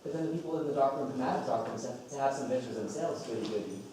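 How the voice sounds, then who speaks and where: An actor plays a restless, bitter young man who pours out impassioned speeches at a quick clip. He is heard from far back in a very echoey theater with faint hiss. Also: mid-range voice, dark tone, close to an everyday voice. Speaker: stage actor. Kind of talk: live stage play acting. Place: college theater stage.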